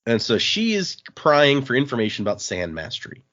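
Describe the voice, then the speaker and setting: A man's voice: medium pitch, very animated, a little fast, a bit bright, dull audio. A man casually recapping a comic's plot on a podcast, dropping briefly into the characters' lines as he goes. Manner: summarizes plot, briefly voicing characters in quotes. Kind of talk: casual chat.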